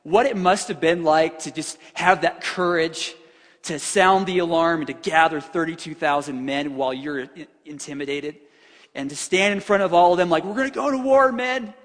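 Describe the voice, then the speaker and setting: A man preaching a sermon in a church hall, animated and conversational, often filling with "like". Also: fairly high pitch, normal speed. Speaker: pastor. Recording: long reverb from a large hall.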